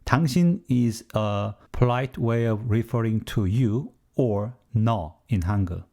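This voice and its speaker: A man's voice: on the low side, normal speed, warm tone. A man giving a scripted language lesson, explaining steadily with the odd joking aside. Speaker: language teacher.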